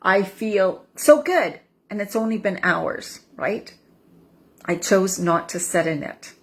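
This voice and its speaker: A candid woman in her fifties talks as a life coach in a personal vlog. She repeats her key phrases and slips into quoting her own inner voice. Her pitch sits in an ordinary middle range. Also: expressive, slow. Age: 50s. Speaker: life coach for women over 50.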